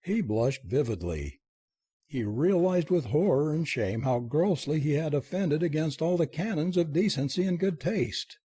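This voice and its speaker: A man narrating a comic story as an audiobook reader, reading in a lively, expressive way. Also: mid-range voice, normal speed, slightly rough, no echo.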